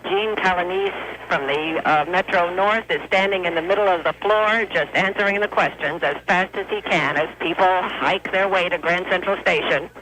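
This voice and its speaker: Woman reporting from a noisy concourse. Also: fairly low pitch. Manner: brisk, narrating the scene. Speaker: field reporter. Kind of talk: live field report.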